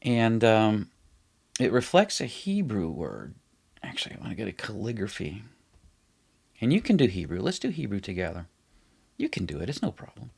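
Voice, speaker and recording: A man's voice: fairly low pitch, wildly swooping pitch, normal speed, gravelly, pauses often, a little mellow, slightly rough. A middle-aged man teaching an online Bible study in a chatty way, explaining things as he writes them out on the screen. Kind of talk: casual online Bible lesson.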